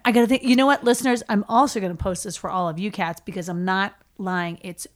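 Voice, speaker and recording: A woman co-hosting a podcast, telling stories in an enthusiastic, animated casual chat. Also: medium pitch, quick pace. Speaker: podcast co-host.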